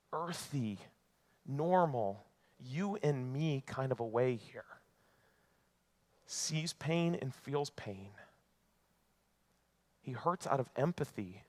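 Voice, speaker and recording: A male pastor preaching a sermon in an earnest way, moving between emphatic lines and hushed ones. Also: fairly high pitch.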